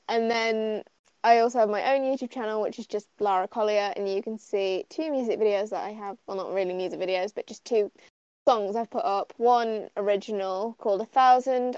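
A woman's voice: medium pitch, moderate pace, darkish tone, clean tone, no echo. Giggly young woman with a dull sound. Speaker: singer, podcast guest. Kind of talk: casual chat.

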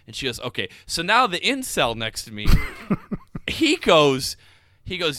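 A man's voice: high voice, sing-song, normal speed, sharp tone, no room sound, studio quality. A man telling a story in casual podcast chat, laughing often and acting out the people he quotes. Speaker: podcast co-host.

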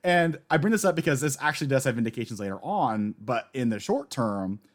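A man co-hosting a casual anime discussion podcast, talking in an animated way that swings from quiet asides to loud bursts. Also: mid-range voice, a little fast. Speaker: podcast co-host.

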